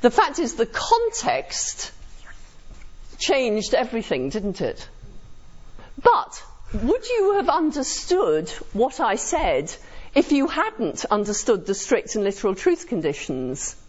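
A woman's voice: fairly high pitch, big pitch swings, slow. A woman giving a philosophy lecture to students, chatty and often checking understanding with tag questions. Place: classroom. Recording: dull lo-fi classroom recording.

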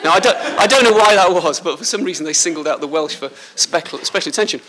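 A man from Liverpool with a slight Liverpool accent gives a school talk as a surgeon, chatty and joking with the pupils. His voice sits a bit high for a man and sounds bright and forceful. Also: lively intonation, fast. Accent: Liverpool English. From Liverpool, England. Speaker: guest speaker, surgeon. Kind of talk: school speech. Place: school hall.

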